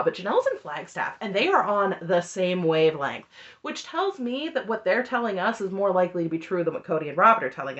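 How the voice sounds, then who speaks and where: A woman's voice: medium pitch, a bit bright, dull audio. A woman giving an opinionated, sarcastic recap of a reality TV show, laughing often as she talks. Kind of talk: opinionated reaction commentary.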